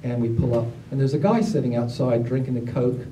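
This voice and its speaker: A man, telling stories to a gathering in a casual, animated way, acting out other people's lines. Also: mid-range voice, brisk. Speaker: storyteller at a gathering. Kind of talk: casual spoken storytelling. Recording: roomy, distant mic, faint background noise.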